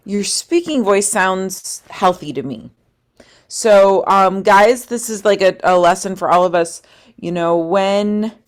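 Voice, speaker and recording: A woman coaching a singing workshop online, chatty and encouraging. She sounds upbeat as she talks students through their voices. Heard over a video call. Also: mid-range voice.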